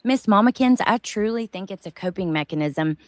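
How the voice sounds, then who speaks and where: A woman's voice: mid-range voice, expressive, fairly quick, no echo. A woman co-hosting a casual commentary chat, musing aloud in a loose, chatty way. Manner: chatty, thinks aloud with fillers and hedges. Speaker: co-host.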